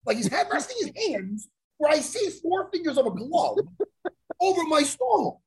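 A man hosting a podcast, telling a story in a profane, animated way and acting out the lines of the people in it. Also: very high voice, moderate pace. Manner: profane, animated storyteller who acts out quotes. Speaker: podcast host. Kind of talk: casual storytelling chat.

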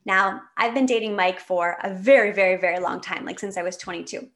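A woman in her late thirties tells a personal story as an interview guest, candid and animated. Her voice sits at an everyday middle pitch. She laughs and restarts her sentences as she goes. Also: a little fast. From Canada. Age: 30s.

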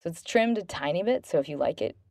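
A woman in her thirties hosting a self-help podcast, talking gently and earnestly about relationships. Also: sits low, animated, fast talker, no echo, studio quality. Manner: gentle, earnest, bubbly when thanking listeners. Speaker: podcast host.

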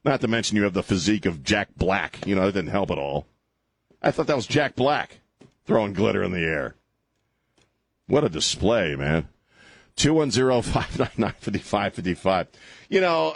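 Brash male talk radio host, deep-ish voice, close dry studio mic, sardonic call-in rant. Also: no echo. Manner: brash, mocking, laughs at his own jokes. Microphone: studio microphone.

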